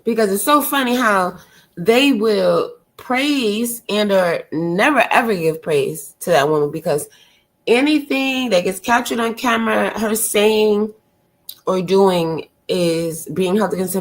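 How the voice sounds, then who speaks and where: Woman, live stream rant, blunt, exasperated, rhetorical questions, swearing, middle pitch. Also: measured pace. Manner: loud and gushing when she greets a viewer. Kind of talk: ranting live stream commentary.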